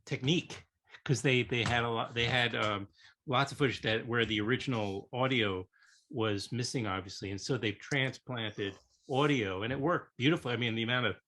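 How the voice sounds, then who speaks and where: A man hosting a casual interview, speaking in halting phrases full of fillers. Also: medium pitch, bright, forceful tone. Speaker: podcast host.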